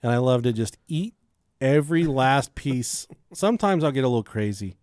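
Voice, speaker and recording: A man co-hosting a podcast, telling crude stories loudly with lots of swearing and laughter. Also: mid-range voice, lively intonation, normal speed, no room sound, clean studio sound. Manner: loud storytelling, swears and laughs often. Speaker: podcast co-host. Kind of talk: crude casual banter.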